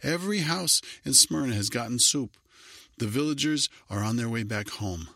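A man voicing a calm, steady young boy in a storybook reading. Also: mid-range voice, moderate pace, creaky, dry recording, clean studio sound, voice pushed up, exaggerated voice. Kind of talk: storybook character voice.

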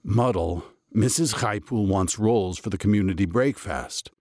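A man's voice: on the low side, unhurried, a little mellow, no room sound, clean studio sound. A man voicing an exasperated, bossy master baker in a storybook reading, talking in an insistent, emphatic way.

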